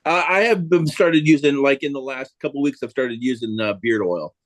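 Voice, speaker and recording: A man's voice: mid-range voice, moderate pace, no room sound. A man co-hosting a casual chat, rambling hesitantly with many restarts. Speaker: podcast co-host.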